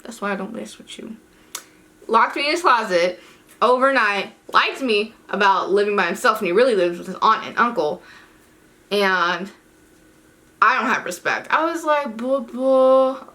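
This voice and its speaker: A young woman tells a storytime to her camera at home, and her voice is bright and sharp. She is animated and exasperated, swearing freely as she acts out every line of dialogue herself. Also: mid-range voice, normal speed, pauses often. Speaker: vlogger. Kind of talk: casual storytime chat.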